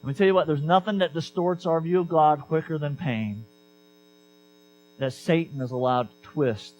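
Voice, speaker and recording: A man preaching a sermon as pastor, conversational and animated, repeating key lines for emphasis. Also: fairly high pitch, normal speed, slight background noise, rough recording.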